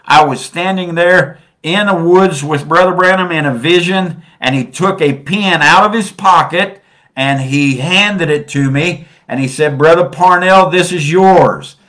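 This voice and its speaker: A man preaching a sermon, swinging between soft and loud and stretching out phrases for emphasis. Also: a little high, a little slow.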